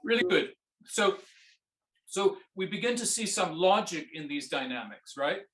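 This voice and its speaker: A man's voice: high voice, animated, unhurried, echoey room, soft background music. Man singing musical phrases in a masterclass. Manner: sings phrases with nonsense syllables, gentle questioning. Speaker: viola masterclass teacher. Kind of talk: coaching a student in a masterclass.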